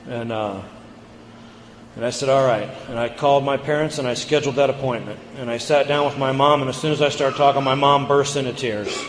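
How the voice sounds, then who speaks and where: Guy telling his recovery story, earnest and halting, big echoey hall with long reverb. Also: mid-range voice, fairly even intonation, slight background noise. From United States. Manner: earnest, halting, repeats words. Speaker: recovery meeting speaker. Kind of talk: personal recovery share.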